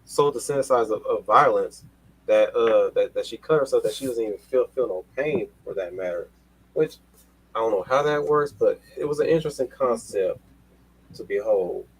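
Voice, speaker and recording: A man's voice: mid-range voice, moderate pace, breathy edge, rough recording. A man hosting a casual panel chat, rambling with many restarts and casual swearing. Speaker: podcast host.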